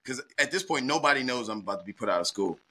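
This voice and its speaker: A middle-aged man from Baltimore, a guest telling a personal story in a lively, anecdotal way, acting out the dialogue. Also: medium pitch, fast, a little hiss or hum. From Baltimore, USA.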